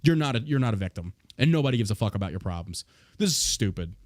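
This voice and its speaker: A man's voice: on the low side, very animated, fast, darkish tone, dry recording, clean studio sound. A man hosting a podcast, reading news aloud and ranting about it with heavy swearing and outrage. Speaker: podcast host. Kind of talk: casual podcast commentary.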